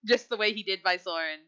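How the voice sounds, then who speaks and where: Bright-voiced woman narrating a tabletop game. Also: medium pitch, clear, resonant tone, lo-fi sound. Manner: casual, halting narration with sighs and fillers. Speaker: game master.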